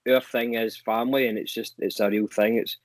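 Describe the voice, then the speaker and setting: A young man, a guest musician, telling animated anecdotes in casual chat and swearing casually. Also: on the low side, fairly quick, no room sound, poor audio.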